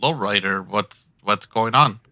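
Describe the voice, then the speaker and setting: A man's voice: on the low side, unhurried, bright, forceful tone, dry recording, heavily acted. A man voicing a friendly, eager male corgi at a tabletop game, chatty and simple-minded. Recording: dry, dull lo-fi mic.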